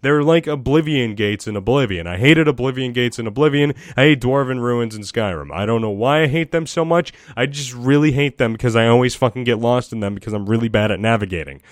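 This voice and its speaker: A man's voice: mid-range voice, a little fast, hardly any pauses, no room sound, studio quality. A man talking casually and at length about video games, swearing often and mocking himself. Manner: profane, self-deprecating, excitable. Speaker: gaming vlogger. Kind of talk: casual rambling monologue.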